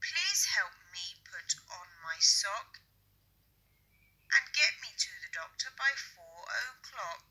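A woman reading a children's poem aloud for a textbook recording in a slow, sing-song recitation. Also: medium pitch, big pitch swings, bright, forceful tone, poor audio. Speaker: audio reader of a children's poem.

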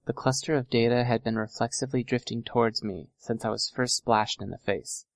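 A man narrating a first-person audiobook in a steady, measured reading. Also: medium pitch, vocal fry, no room sound.

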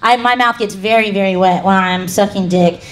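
A woman's voice: medium pitch, normal speed, a little hiss or hum. A woman doing a brash, crude stand-up set on a comedy club stage into a handheld mic.

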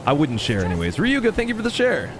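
Brief: young male streamer, chatty and animated, quick with thanks to chat. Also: fairly high pitch, background noise. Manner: chatty, thanks viewers by name, laughs often. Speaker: game streamer. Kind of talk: casual live-stream chat.

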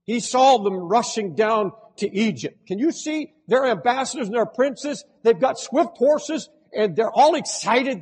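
Husky high-voiced older preacher, hall reverb. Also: male voice, expressive, a little slow, hardly any pauses, darkish tone. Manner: fervent preaching, direct address to the congregation. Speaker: pastor. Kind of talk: sermon.

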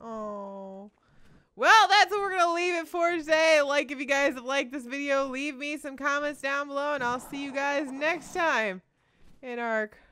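Very high, bright-voiced woman gamer. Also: moderate pace, slight background noise. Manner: excitable, narrates her own moves aloud. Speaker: gaming video creator. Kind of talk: gameplay commentary.

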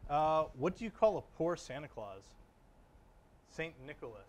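A man's voice: a little high, sing-song, normal speed, darkish tone. A young man hosting a student TV segment, telling dad jokes and pleading for laughs after each one. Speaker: student TV host. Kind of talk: playful group challenge chat, telling dad jokes.

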